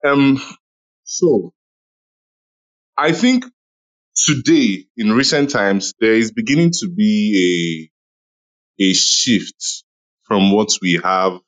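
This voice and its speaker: A man's voice: lowish voice, expressive, slow, pauses often, low-quality recording. A man in a casual online audio room discussion, chatty and laughing, with many "you know"s. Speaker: Clubhouse room speaker.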